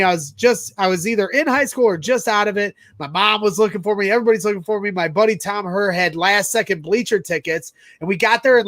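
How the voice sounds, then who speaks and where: This is a man hosting a casual sports talk show, telling stories in a lively, rambling way. His voice sits high for a man. The recording is close and dry, with no room sound at all. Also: no echo. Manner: animated, rambling anecdote telling. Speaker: podcast host.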